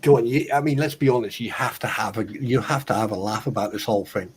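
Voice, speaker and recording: Husky joking man on a livestream. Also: lowish voice, fast. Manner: crude joking, frequent laughter. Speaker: livestream co-host. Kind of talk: casual banter.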